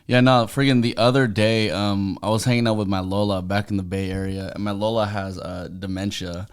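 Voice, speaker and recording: A man from the United States hosting a podcast, relaxed and joking in casual chat. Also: fairly low pitch, a little fast, clean tone. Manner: relaxed and joking, laughs often. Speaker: podcast host.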